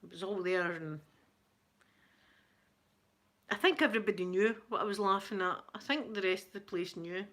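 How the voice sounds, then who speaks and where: A middle-aged Scottish woman talks into a close mic on a casual live stream. She tells gossipy stories at a chatty, unhurried pace and laughs easily, with an everyday pitch for a woman. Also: fairly bright tone. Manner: chatty storyteller, laughs often, greets chat viewers. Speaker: ASMR livestream host. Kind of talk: casual chat to live viewers.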